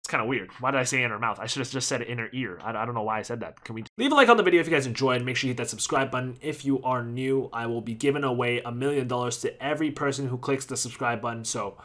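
A young man giving excited commentary over a football video game, yelling at his players and joking with viewers. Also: medium pitch, very fast, hardly any pauses. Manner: hyped, yells at players, jokes to viewers. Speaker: gaming YouTuber.

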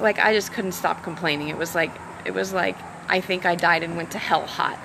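A woman coach talking casually outdoors by the ocean, animated and acting out quoted dialogue, with a slight sore throat. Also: on the low side, normal speed, gravelly, slight background noise, rough recording. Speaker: self-love coach and hypnotherapist. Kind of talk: casual live-stream talk.

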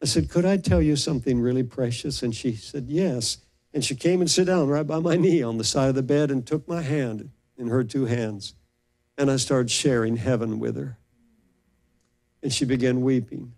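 Older pastor telling an earnest story. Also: male voice, medium pitch, moderate pace, darkish tone. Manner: earnest, emotional storytelling with many restarts. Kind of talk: sermon storytelling.

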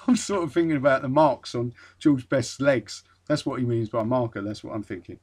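A man's voice: mid-range voice, a little fast, few pauses, darkish tone. A man hosting a podcast, reading an old article aloud and breaking off with dry, wry asides. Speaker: podcast host.

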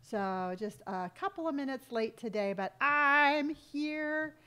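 A woman hosts a live gaming stream in a relaxed, unhurried way. Her voice sits a little high. She chats, greets viewers and yelps when the game startles her. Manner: chatty, greets viewers by name, excitable yelps. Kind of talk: casual live-stream chat while gaming.

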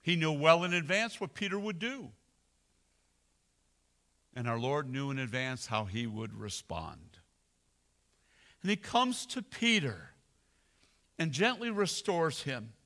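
A male pastor preaching a sermon, slow and dramatic, swelling loud then dropping almost to a whisper. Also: fairly high pitch. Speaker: senior pastor.

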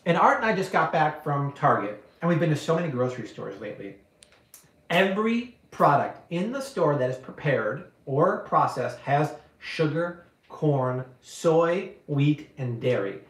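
A man with a fairly high voice hosts a live cooking stream from his kitchen. He answers viewer questions in a casual, slangy and emphatic way. The room gives his voice a clear echo. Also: sing-song, measured pace. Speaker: cooking show host.

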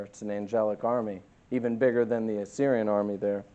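A man pastor teaching a Bible study in a casual, conversational way, with many fillers and lively bursts of emphasis. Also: on the low side, a little fast, hardly any pauses, smooth, muffled recording. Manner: conversational, many fillers, reads scripture aloud; animated, acts out voices with bursts of emphasis.

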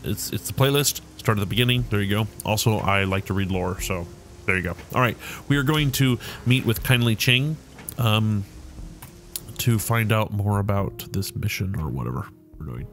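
A man hosts a video game playthrough and reads the story text aloud in an easy, amused way. His voice sits somewhat low, and he chats casually between the passages. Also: lively intonation, moderate pace, a bit bright, slight background noise. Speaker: let's play host.

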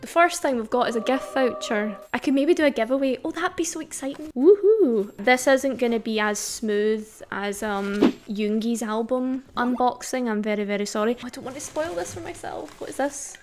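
A young Scottish woman chatting in a casual unboxing vlog, excitable, gushing and rambling as she talks. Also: fairly high pitch, moderate pace, few pauses, faint music behind. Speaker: YouTuber.

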